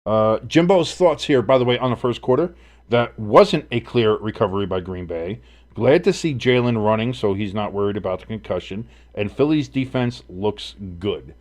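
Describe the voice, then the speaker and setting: A man's voice: fairly low pitch, animated, normal speed, a little mellow. A man hosting a casual live sports stream, calling plays and reacting in a blunt, profane, rambling way.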